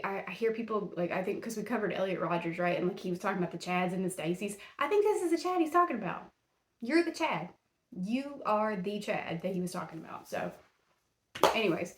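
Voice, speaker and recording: A woman hosting a true-crime podcast, blunt and indignant as she scolds the accused directly in casual commentary. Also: medium pitch. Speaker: podcast host. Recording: roomy echo.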